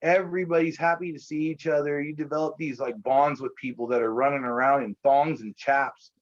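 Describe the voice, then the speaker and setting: A man chatting casually as an interview guest, telling lively stories and acting out the voices of the people in them. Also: on the high side, fairly quick, lo-fi sound. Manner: animated storyteller who acts out quoted voices. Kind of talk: casual storytelling chat.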